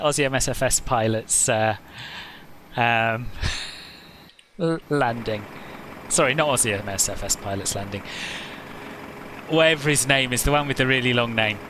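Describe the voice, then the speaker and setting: A man's voice: medium pitch, moderate pace, noisy background. A man hosting a flight simulator live stream, chatting casually, answering viewers' comments and laughing often.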